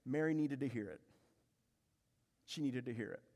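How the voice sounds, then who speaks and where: A man's voice: mid-range voice, lively intonation, moderate pace, vocal fry, mellow. A man preaching a sermon as pastor, emphatic, repeating key phrases and asking the congregation rhetorical questions. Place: church sanctuary. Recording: long reverb of a large hall.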